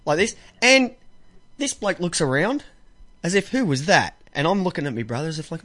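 This Australian radio presenter talks fairly quickly, with a fairly high, bright voice and lively intonation. His banter is loose and full of jokes and laughter, and he does voices for the people in his stories.

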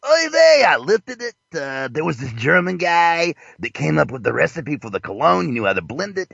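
A man's voice: fairly high pitch, big pitch swings, normal speed, creaky, a bit bright, slightly rough, dry recording, voice pushed up, heavily acted. A man voicing a boastful male businessman who brags in a rambling way. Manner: bragging, rambling. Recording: dull lo-fi, dry.

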